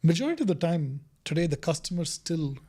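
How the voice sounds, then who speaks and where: An interview guest, a middle-aged innovation director, recounts a story and plays out each quoted line with animation. His husky voice sits on the high side, and he talks fast.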